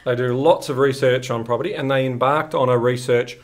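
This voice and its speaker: A man's voice: mid-range voice, steady tone, fairly quick. An Australian man co-hosting a finance podcast, joking and ribbing his partner in casual chat. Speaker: podcast co-host.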